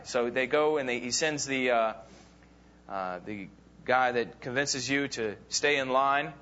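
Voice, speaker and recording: A man's voice: mid-range voice, measured pace, pushed and bright. A man teaching a Bible class, casually retelling a story with fillers and acting out the quoted lines. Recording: dull lo-fi recording.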